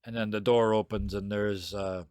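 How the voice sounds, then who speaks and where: A man running a tabletop game as game master, describing scenes with frequent pauses. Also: on the low side, steady tone, darkish tone, no echo, studio quality. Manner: descriptive, halting with fillers.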